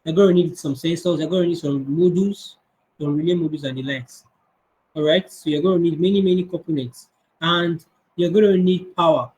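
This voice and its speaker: A man's voice: a little high, steady tone, a little fast, a little mellow, rough recording. A man, teaching kids coding on a video call and answering their questions, his voice a bit strained. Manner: conversational, answers questions, restarts often. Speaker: coding instructor. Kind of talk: online class Q&A.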